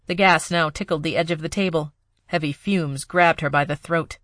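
Reading a scripted audiobook, a female narrator with a fairly low voice keeps a steady, measured delivery. The recording is close and dry, with no room sound and no echo.

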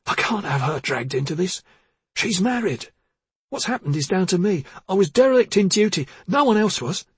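A man's voice: on the high side, animated, fairly quick, husky, no echo, pitched above the performer's own voice. A man voicing a cornered young male community officer, defensive and pleading. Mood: agitated.

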